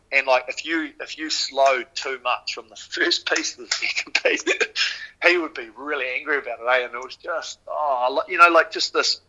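A man with a New Zealand accent, a podcast guest and former rower, telling stories casually in an animated way, swearing freely and using lots of fillers. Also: medium pitch, lo-fi sound. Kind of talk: casual storytelling.

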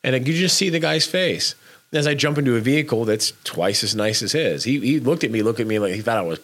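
A man's voice: medium pitch, expressive, brisk, a bit bright. A man co-hosting a casual chat, urging listeners to be kind, talking emphatically and bluntly with frequent restarts.

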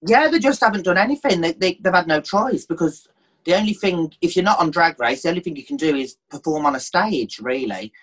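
A man's voice: a little high, animated, a bit bright. Chatty man guest. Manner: chatty, quick to mimic others. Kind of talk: casual chat.

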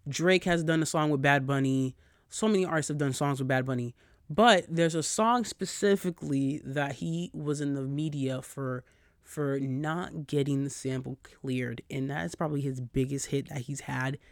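A man's voice: medium pitch, normal speed, dry recording. Profane, fired-up podcast guy, dry sound. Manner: profane, animated storyteller. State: recovering from a cold. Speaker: podcast host. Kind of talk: casual solo podcast rant.

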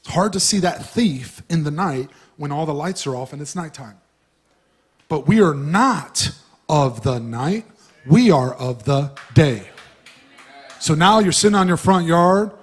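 A man preaching to a church, talking to the congregation casually and shifting between loud emphasis and soft asides. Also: fairly high pitch, expressive, unhurried, husky. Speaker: pastor. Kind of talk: sermon.

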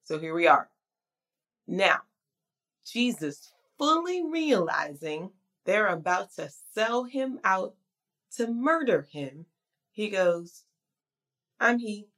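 A woman's voice: mid-range voice, very animated, slow, pauses often, fairly bright tone. A woman preaching a sermon in a conversational, emphatic way.

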